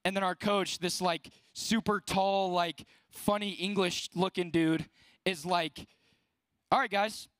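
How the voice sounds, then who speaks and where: A teenage guy preaching a youth talk in a notably high voice, chatty and loose, with "like" dropped into almost every sentence. The sound is dry and close, with no room echo. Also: fairly even intonation, measured pace, a bit bright. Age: late teens. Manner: conversational, fills speech with "like". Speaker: student speaker at a youth service. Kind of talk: casual youth sermon.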